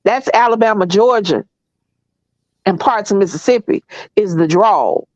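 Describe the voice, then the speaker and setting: A woman's voice: mid-range voice, measured pace, darkish tone, no room sound, lo-fi sound. A woman with a Southern US accent co-hosting a casual chat, blunt and opinionated, stretching words out for emphasis. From American South. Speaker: co-host.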